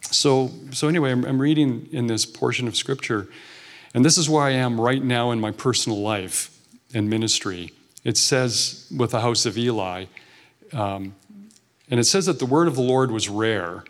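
Earnest conversational male preacher. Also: medium pitch. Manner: earnest and conversational, with frequent restarts. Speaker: guest preacher. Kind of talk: informal sermon. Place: church sanctuary.

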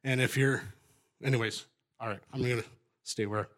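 A man's voice: medium pitch, fairly even intonation, normal speed, fairly bright tone. A middle-aged man giving a rambling personal testimony at a church gathering, restarting sentences and joking at his own expense. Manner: rambling, self-interrupting, jokey.

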